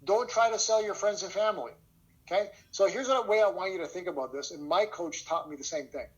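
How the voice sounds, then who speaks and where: Male sales coach on a video call, slightly high voice, energetic storytelling delivery. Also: fairly quick, muffled recording. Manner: energetic storytelling, frequent "okay?" check-ins. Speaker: sales trainer. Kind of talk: online training lesson.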